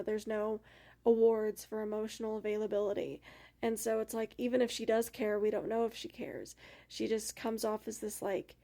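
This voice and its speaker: A woman's voice: on the high side, gravelly, warm tone. A young woman chatting casually about a book for her book club, rambling with lots of fillers.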